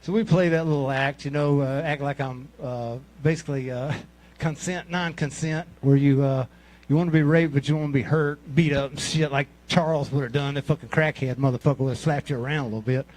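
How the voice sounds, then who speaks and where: Profane Mississippi man in his sixties, higher-pitched. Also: steady tone, fairly quick, darkish tone, poor audio. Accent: Mississippi Southern US. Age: 60s. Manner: crude, profane, rambling anecdotes. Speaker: amateur comic at a talent show. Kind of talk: stand-up storytelling.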